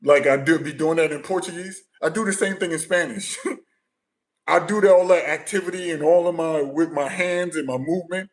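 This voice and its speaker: A man from the United States hosting a casual livestream, telling travel stories in a lively way that swings between quiet, low asides and loud bursts. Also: moderate pace, low-quality recording. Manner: animated storytelling, shifts often from low mumbles to loud bursts. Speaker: livestream host.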